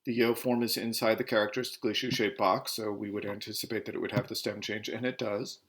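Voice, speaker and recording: A Spanish teacher recording a slide lesson, explaining verb endings and spelling out stems letter by letter, moving between Spanish and English. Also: male voice, fairly low pitch, flat delivery, fast talker, fairly bright tone.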